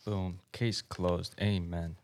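A man on a casual podcast chatting and cracking quick jokes. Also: low voice, little pitch movement. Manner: joking, chuckling remarks. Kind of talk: casual chat.

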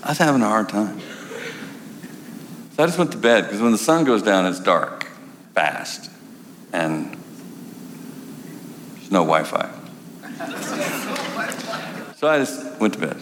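Male pastor, wry storyteller, lively pitch, echoey hall. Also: takes it slowly, long pauses. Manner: wry, conversational, then pleading and worn out. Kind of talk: storytelling sermon. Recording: echoey hall, faint noise.

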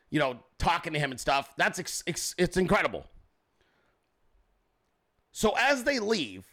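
A man with a high, bright voice recounts a story in a casual chat. He talks with lively energy, acting out the lines of the people he quotes and swearing offhandedly. The tone stays loose and conversational. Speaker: podcast host.

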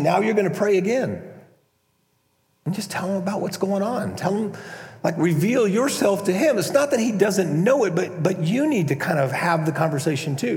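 A man preaching a conversational, animated sermon as a pastor, now and then acting out prayers in a mock-pompous voice. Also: sits high. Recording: echoey hall, long reverb.

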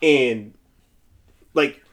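A man in his twenties co-hosting a podcast in casual chat, animated, laughing often and repeating himself. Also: mid-range voice, very slow. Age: 20s. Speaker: podcast co-host.

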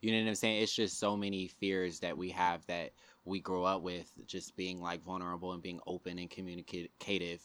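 Deep-voiced young man, candid. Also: little pitch movement, moderate pace, few pauses, fairly bright tone, clear, resonant tone. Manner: candid, emphatic, laughs often. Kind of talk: casual chat.

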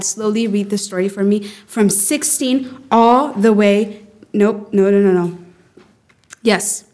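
A woman leading a lively group Bible lesson, acting out the quotes with sudden jumps in pitch as she questions her listeners. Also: measured pace. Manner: animated, acts out quotes with rising pitch. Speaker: Bible study teacher.

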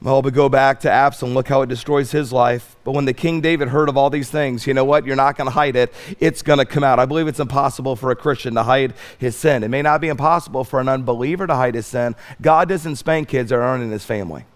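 A man preaching a sermon as pastor, swinging from loud stretched emphasis to soft pleading. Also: medium pitch, fast, few pauses. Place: church sanctuary.

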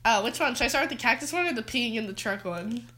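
A teenage girl with a high, bright voice tells childhood stories in casual chat. Her pitch swoops widely as she talks. She giggles often, right in the middle of her sentences. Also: expressive, fast talker, slight background noise. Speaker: podcast co-host.

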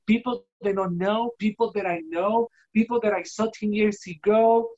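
A guest giving an emotional personal testimony, halting and repeating words for emphasis, acting out remembered dialogue. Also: steady tone, darkish tone, muffled recording. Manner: acts out quoted dialogue with shifting pitch. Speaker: guest telling a personal story.

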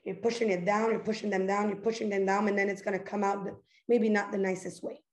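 A young woman hosts a casual motivational talk in an echoey room, goofy and earnest, chatting in a loose stream packed with "like" and restarts. She talks fast in a mid-range voice that barely shifts in pitch.

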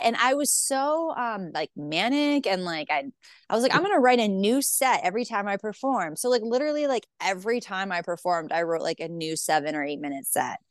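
A woman's voice: medium pitch, smooth, no echo, studio quality. A woman comedian telling stories in casual chat, acting out quoted voices, saying "like" a lot and swearing freely. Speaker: stand-up comedian guest.

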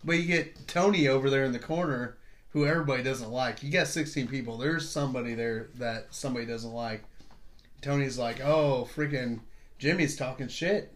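A man's voice: medium pitch, brisk, fairly bright tone. A man hosting a casual podcast, loosely reading out odd news stories with swearing and jokes. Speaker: podcast host.

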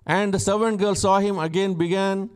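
Emphatic preacher, slightly high voice. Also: male voice, steady tone, normal speed, clear, resonant tone. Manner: emphatic, repeats key lines, asks the congregation questions. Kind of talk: sermon.

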